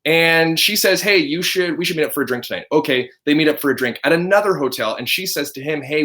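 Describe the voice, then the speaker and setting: Animated man telling a story casually. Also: medium pitch. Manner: animated storyteller, laughs often, self-interrupting. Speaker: podcast host.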